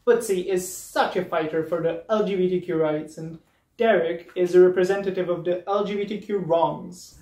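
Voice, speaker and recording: A male drag performer from Serbia delivers a biting comedy roast full of mocking punchlines and laughs. His voice sits high with a steady, warm tone at a moderate pace. The distant mic gives a roomy sound with faint noise.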